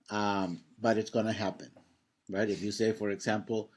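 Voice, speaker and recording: A man's voice: lowish voice, brisk, slightly rough. A man teaching a Spanish grammar class, patiently explaining, quizzing his students and often checking in with "right?".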